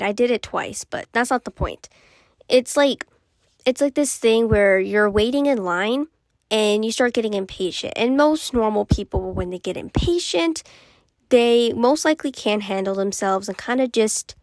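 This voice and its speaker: A woman vlogger talks casually over a drawing, rambling and filling gaps with "like" and "um". Her voice sits in a middle pitch. The recording is dry and close, with no room sound. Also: dry recording. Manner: rambling, chatty, many fillers. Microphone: voice-over recorded separately from the drawing footage.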